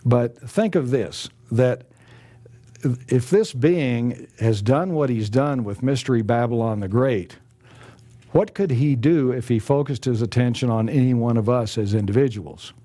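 A male preacher delivers a sermon in a mellow, warm voice. He speaks earnestly and emphatically. He slows down to stress each scripture he quotes. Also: medium pitch.

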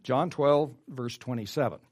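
A man preaching a sermon, reading Bible verses aloud and commenting on them, with frequent throat clearing. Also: mid-range voice, moderate pace. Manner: reads scripture aloud and comments, rising emphatic then dropping quiet; clears his throat often.

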